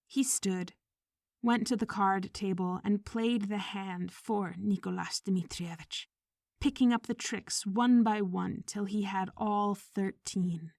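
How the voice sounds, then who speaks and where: A woman reading a short story aloud in measured audiobook narration, sometimes dropping to a whisper. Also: medium pitch, steady tone, gravelly, darkish tone, no room sound, studio quality. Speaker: audiobook reader.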